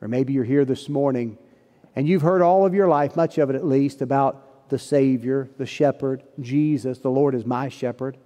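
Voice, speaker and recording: A man's voice: medium pitch, moderate pace, dark tone. A man preaching a sermon as pastor, telling a story in earnest, folksy phrasing. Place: church sanctuary. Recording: long church hall reverb.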